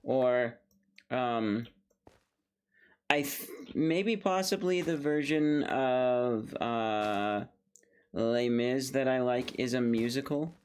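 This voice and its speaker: A man's voice: medium pitch, slow pace, long pauses, a little hiss or hum. A young man giving casual, rambling commentary while playing a game, talking playfully to himself and to the game. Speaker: gaming video creator.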